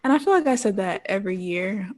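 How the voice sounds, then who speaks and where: A woman in her thirties, a guest on an interview podcast, telling her story in an animated way full of "like" and quoted thoughts. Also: medium pitch, fast. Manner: animated storyteller, quoting herself, frequent "like" and laughs. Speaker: interview guest, former pro cheerleader.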